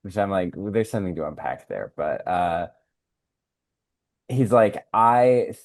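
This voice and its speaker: Podcast co-host, male, very low voice, loose filler-heavy recap delivery. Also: very animated, measured pace, pauses often, dry recording, studio quality. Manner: rambling recap with many fillers. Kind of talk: casual podcast chat.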